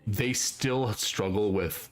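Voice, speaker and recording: A man's voice: fairly low pitch, takes it slowly. A man streaming a video game, chatting casually in a rambling way and laughing easily. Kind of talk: casual chat while gaming.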